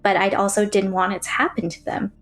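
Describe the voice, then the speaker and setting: A woman's voice: mid-range voice, flat delivery, fairly quick, soft background music. Young woman telling her story plainly. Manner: plain, matter-of-fact retelling with frequent "like" fillers. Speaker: interview guest. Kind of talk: personal testimony in an interview.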